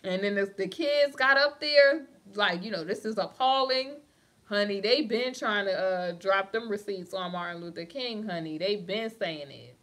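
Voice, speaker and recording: A woman with a mid-range, slightly bright voice talks at normal speed with hardly any pauses. She hosts a casual celebrity gossip livestream on a phone or webcam, chatting away and calling viewers "honey" as she reads their comments.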